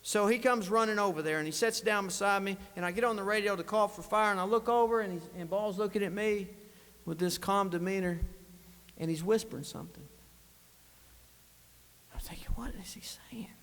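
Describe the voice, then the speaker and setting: A man's voice: high voice, fairly quick, fairly bright tone. Lawmaker, male, earnest speech, reverb from the large chamber. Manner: earnest storytelling, emotional. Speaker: state legislator. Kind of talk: farewell speech. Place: legislative chamber.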